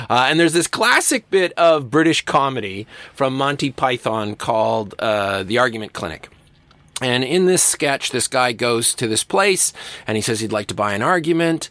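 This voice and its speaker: A man's voice: medium pitch, normal speed, dry recording. A man teaching a university writing class in a recorded lecture, talking casually and acting out quoted voices. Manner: animated, acts out quoted voices. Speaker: university English instructor.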